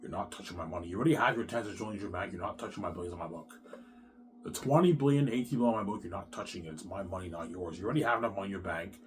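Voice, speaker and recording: A man with a lowish voice delivers a long, rambling monologue to his viewers. He swears often, circles back to the same points and keeps restarting his sentences. A faint background hum sits under the recording. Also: racing. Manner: rambling, repetitive and profane, with frequent restarts. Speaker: vlogger.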